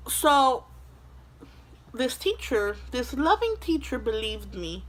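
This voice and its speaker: Recorded on a phone camera at home, this storytime vlog features a young woman speaking slowly in a fairly high, sing-song voice. Her telling is chatty and dramatic, and "like" pops up constantly.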